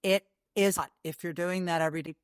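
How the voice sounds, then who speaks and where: Brief: a woman recounting her journey in an interview, chatty and animated, clean dry sound. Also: fairly low pitch, fairly quick, clean tone, no echo. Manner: animated storyteller with frequent asides. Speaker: guest, long-distance horse rider. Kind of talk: casual interview storytelling.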